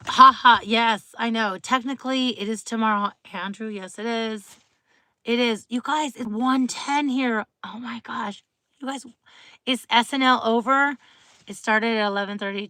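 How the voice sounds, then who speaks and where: Woman, middle-aged, live-stream host, casual rambling chat, bright voice, dry close sound. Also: fairly high pitch, no room sound. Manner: chatty, rambling, laughing often, greeting viewers by name. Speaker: livestream host.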